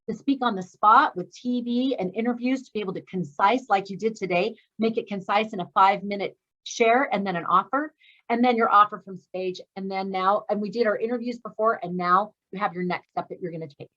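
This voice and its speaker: A woman's voice: mid-range voice, fairly quick, a bit bright, lo-fi sound. A woman hosting a speaking course graduation over a video call, praising and encouraging her graduates effusively. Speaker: speaking coach and course host.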